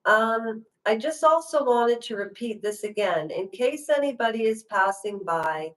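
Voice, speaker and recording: A woman's voice: fairly high pitch, lively intonation, measured pace, fairly bright tone, rough recording. A woman hosting a casual livestream, chatting to viewers in a rambling, direct way. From Canada. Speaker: livestream host.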